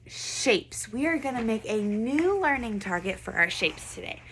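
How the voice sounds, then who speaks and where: Against slight background noise, a woman with a sharp, fairly high voice runs a first grade video lesson. She patiently quizzes the children, encourages them, and has them say words after her.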